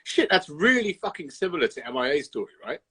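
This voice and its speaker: A man's voice: fairly high pitch, sing-song, fast talker, pushed and bright, breathy edge. A man from Birmingham hosting a casual interview over a video call, chatty and blunt, swearing freely. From Birmingham, England. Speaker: host.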